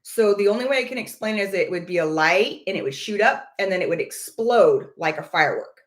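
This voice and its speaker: A woman's voice: medium pitch, expressive, brisk, few pauses. A woman casually telling viewers about a personal experience. She speaks earnestly, searches for words and repeats phrases as she goes. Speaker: vlogger.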